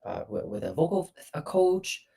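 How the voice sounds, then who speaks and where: A woman voice coach, sitting back from her mic on a remote call, so she sounds a little distant. Her voice sits low, yet her inflection moves up and down a lot as she explains. She pauses often with "uh" and "um" while working through her points. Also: very animated, gravelly, mellow. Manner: explains with many hesitations and fillers. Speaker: voice coach, guest. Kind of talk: instructive interview answers.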